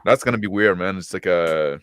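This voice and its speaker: A man with a low voice speaks bluntly in a loose group conversation and swears freely. The recording is dry and close, with no room sound. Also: a little fast, a bit bright, smooth, dry recording. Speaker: podcast co-host. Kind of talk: casual group chat.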